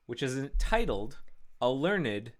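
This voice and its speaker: Lively man reading a classic novel. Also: mid-range voice, slow pace. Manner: chatty, animated asides between passages. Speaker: co-host and reader. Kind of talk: reading a novel aloud with casual chat.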